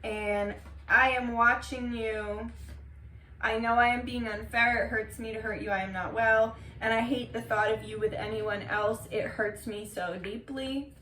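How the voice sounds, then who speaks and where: A woman's voice: fairly high pitch, fairly even intonation, measured pace, sharp tone, slight background noise. A woman giving a casual tarot reading to camera, talking loosely with lots of filler words and casual swearing. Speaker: tarot reader. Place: room, seated on the floor. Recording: echoey room, mic at a distance.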